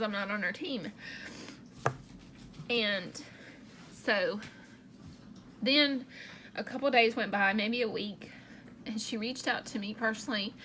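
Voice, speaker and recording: Woman sales director for a personal vlog: slow, emotional, candid, repeats herself. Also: on the high side, pushed and bright, slight background noise.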